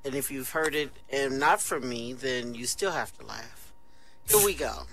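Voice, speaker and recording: A man telling a long joke on stage in a relaxed, chatty way. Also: mid-range voice, unhurried, gravelly, slight background noise, poor audio. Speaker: amateur comedian.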